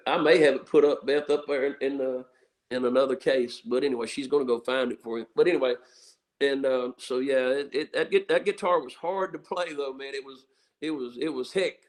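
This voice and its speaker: A man's voice: medium pitch, steady tone, brisk. A bluesman from Mississippi with a Southern accent, telling stories on a radio show in a rambling way full of fillers. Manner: meandering, filler-heavy storytelling. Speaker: blues musician guest. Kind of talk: rambling radio interview chat.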